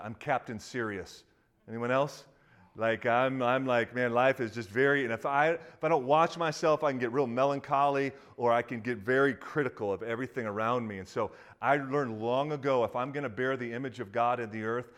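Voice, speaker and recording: A middle-aged man preaching a sermon as a pastor, his voice sitting at an ordinary middle pitch. He talks in a loose, conversational way, stumbling through restarts and fillers. He grows lively in stories and sinks to a hushed, earnest tone when he turns prayerful. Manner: animated storytelling that drops to a quiet, earnest tone.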